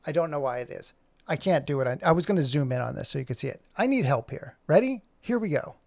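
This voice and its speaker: Male streamer, slightly high pitch, rambling and self-mocking, narrating his own fumbling at the computer. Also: expressive, fast, vocal fry, dry recording. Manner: rambling, thinking aloud while fumbling with software. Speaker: animator streaming his work. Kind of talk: casual live-stream chat.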